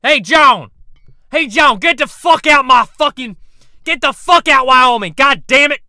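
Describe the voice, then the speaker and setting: A man's voice: fairly high pitch, normal speed, sharp tone, no room sound, clean studio sound. A man doing a parody impression of a profane, hot-headed bounty hunter who rants and swears. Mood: yelling. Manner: gruff, swearing, bullying rants. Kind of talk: parody voice acting.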